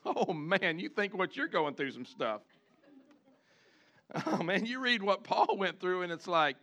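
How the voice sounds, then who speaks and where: A man preaching a sermon, animated, switching between chatty asides and loud shouted lines, acting out the people he quotes. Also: sits high, a little slow. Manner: acts out the congregation and the people he quotes. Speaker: pastor.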